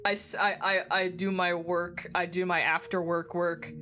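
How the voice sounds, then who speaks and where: A woman's voice: on the low side, little pitch movement, a little slow, bright, forceful tone. Giggly, congested woman streamer chatting. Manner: giggly, chatty, swears casually. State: phlegmy, congested throat. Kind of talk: casual chat while gaming. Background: game music.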